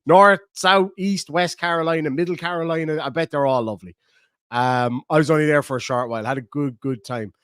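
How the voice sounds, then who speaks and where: A man's voice: fairly high pitch, a little fast, a bit bright, clean tone, dry recording, clean studio sound. A middle-aged Irish man hosting a livestream, casually rambling and joking as he reads out viewer comments. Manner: rambling, jokey, chatty. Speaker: livestream host. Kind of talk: casual chat reading live comments.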